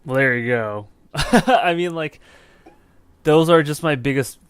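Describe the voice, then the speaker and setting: A man co-hosting a film podcast, giving blunt, opinionated views in a relaxed, casual way. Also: a little high, unhurried, clean tone, dry recording. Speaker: podcast co-host.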